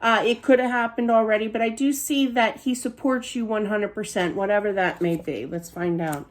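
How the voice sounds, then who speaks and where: A woman's voice: medium pitch, normal speed. A woman with a Philadelphia accent giving a spiritual card reading in a rambling, reassuring way, often checking in with "okay?" and "you know.". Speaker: psychic card reader.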